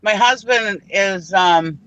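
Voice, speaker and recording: A woman's voice: mid-range voice, slow, fairly bright tone, no room sound, lo-fi sound. A woman from Minnesota with a northern Minnesota accent, chatting casually and laughing often as she tells stories. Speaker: truck driver and reseller on a live hangout. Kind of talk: casual chat.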